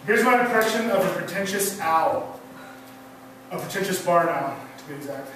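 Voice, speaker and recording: A man performing stand-up, firing off deadpan one-liners with self-mocking asides. His voice runs high. The sound is far from the mic, with heavy room echo and plenty of noise. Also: moderate pace. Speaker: stand-up comedian. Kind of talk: stand-up comedy set. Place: comedy club stage. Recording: echoey club room from far off, noisy.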